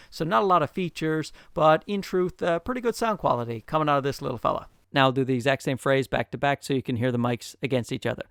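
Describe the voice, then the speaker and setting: A man's voice: mid-range voice, a bit bright, clear, resonant tone, no room sound. A man with a nasal voice, hosting a casual, joking product review into a close condenser mic. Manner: chatty, joking asides, frequent "uh" fillers. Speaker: tech reviewer, channel host. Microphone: close USB condenser mic with pop filter.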